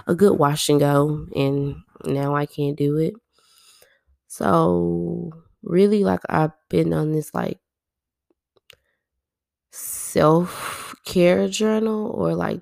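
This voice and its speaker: Gravelly young woman talking candidly. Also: sits low, a little mellow, no room sound, studio quality. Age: 20s. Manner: rambling, heavy use of "like", candid and self-reflective. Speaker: podcast host. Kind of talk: personal confessional monologue.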